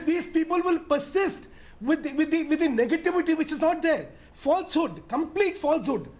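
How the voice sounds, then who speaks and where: A man's voice: extremely high pitch, animated, normal speed, lo-fi sound. Insistent Indian man in TV debate. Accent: Indian English. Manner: insistent, keeps pressing to finish his point. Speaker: politician guest. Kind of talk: heated TV debate.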